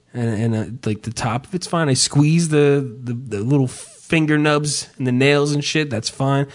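A man on a podcast telling a long story in casual chat, swearing freely and mocking himself, and shouting the lines he quotes. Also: mid-range voice. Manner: profane, self-mocking storyteller who yells his own quotes. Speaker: podcast host.

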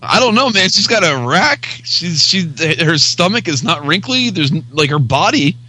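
A male podcast co-host speaks bluntly and jokes with a lot of swearing. His voice is bright and a little high. The talk stays casual and comedic. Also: sing-song, normal speed, no echo. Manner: blunt, profane, joking.

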